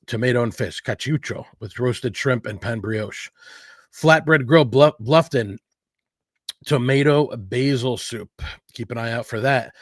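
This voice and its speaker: A man's voice: medium pitch, dry recording, clean studio sound. A man hosting a local food livestream, chatty and upbeat, rambling with fillers as he reads through a list. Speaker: host of a local food show. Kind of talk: casual livestream announcement. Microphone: livestream setup.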